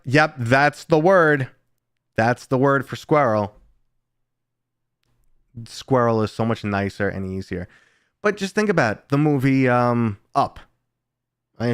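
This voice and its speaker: A man's voice: on the low side, clean tone, no echo, clean studio sound. A man in his thirties from the United States, chatting casually on a live stream, telling stories loosely and swearing now and then. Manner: casual storytelling, swearing, reading chat.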